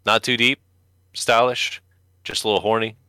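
A man co-hosting a casual podcast, recommending shows to his friends with animated, wry humor. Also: lowish voice, normal speed, clear, resonant tone, no echo, clean studio sound. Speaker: podcast co-host. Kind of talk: casual chat.

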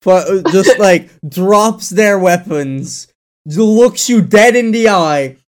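A man with a fairly high voice chats as a player in a tabletop game. He jokes, gets excited quickly, and swears casually as he talks with the group.

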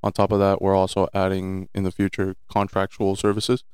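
Young man, 20, low voice, clean dry close sound; easygoing guest, stumbles and repeats words. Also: brisk, clear, resonant tone, no echo. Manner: relaxed, repeats words and restarts often. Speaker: business owner guest. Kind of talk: casual interview.

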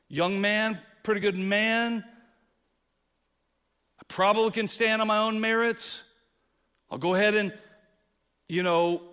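A male pastor preaching a sermon with passion, dropping low and then rising loud. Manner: impassioned preaching, swings from quiet to loud. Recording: long hall reverb.

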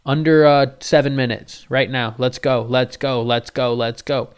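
A man voicing a hockey-obsessed dad who barks orders at his son like a drill coach, yelling and cursing. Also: medium pitch, steady tone, moderate pace, clear, resonant tone, natural voice. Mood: barking orders.

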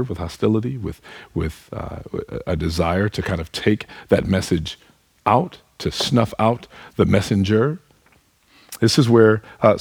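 Husky-voiced man preaching a sermon. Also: lowish voice, darkish tone, dry recording. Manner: earnest, asks the listeners direct questions; speaks to the congregation as "y'all". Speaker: pastor.

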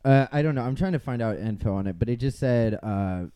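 A man's voice: mid-range voice, fairly quick, mellow, clear, resonant tone, no room sound. A man hosting a casual podcast chat, laughing often and hesitating with fillers. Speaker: podcast host who edits the show.

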